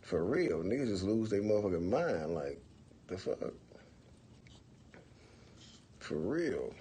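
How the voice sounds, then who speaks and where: A slight hiss or hum sits behind this man's fairly low, dark voice, which is very animated yet slow-paced. As a livestream host on his phone, he tells viewers stories in a relaxed, profane way, repeatedly saying "for real" and "you know what I'm saying."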